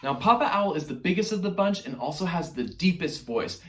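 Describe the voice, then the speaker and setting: A man teaching an online music lesson to young children, upbeat and encouraging, sometimes demonstrating hoots and squeaky voices. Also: sing-song, moderate pace, few pauses, a bit bright, reverberant.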